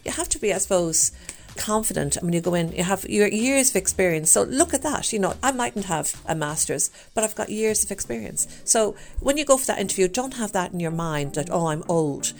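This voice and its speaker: A woman's voice: medium pitch, animated, brisk, vocal fry, hardly any pauses, a little mellow. An Irish woman in her fifties chatting in an upbeat, rambling way as a participant in a health challenge. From Ireland. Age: 50s. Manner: chatty and upbeat, full of fillers. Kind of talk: casual chat.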